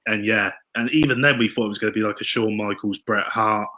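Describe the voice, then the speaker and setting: A man telling stories as a podcast guest, excitable and tripping over his words. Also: on the low side, brisk, low-quality recording. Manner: excitable, tumbling restarts. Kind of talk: casual storytelling interview.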